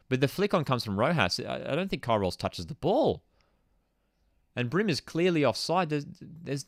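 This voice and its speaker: A young man with a mid-range voice hosts a live football watchalong, captured in a dry, studio-quality recording. Exasperated, he rants in casual slang while reading out chat messages.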